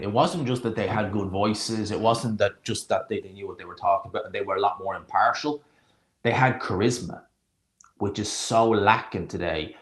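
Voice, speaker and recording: A man's voice: lowish voice, fairly bright tone. A man streaming a live watch-along, chatting casually and sarcastically, rambling and stopping to search for names. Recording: roomy echo.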